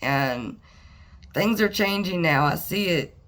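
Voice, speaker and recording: A woman talking to the camera in a personal, reflective monologue, halting and earnest, with pauses and sighs. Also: lowish voice, expressive, fairly bright tone. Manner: earnest and plainspoken. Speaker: vlogger.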